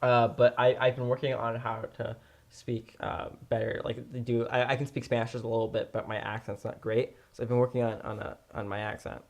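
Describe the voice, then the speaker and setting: A man's voice: mid-range voice, little pitch movement, fairly quick. A young man co-hosting a casual amateur podcast, rambling and laughing as he tells stories. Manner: rambling, laughing, loose storytelling. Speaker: podcast co-host. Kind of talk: casual chat.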